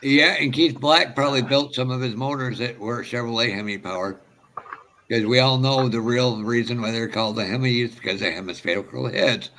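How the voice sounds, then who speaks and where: A man's voice: mid-range voice, brisk, fairly bright tone, a little hiss or hum. A man in casual, teasing chat on a live stream. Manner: joking, teasing.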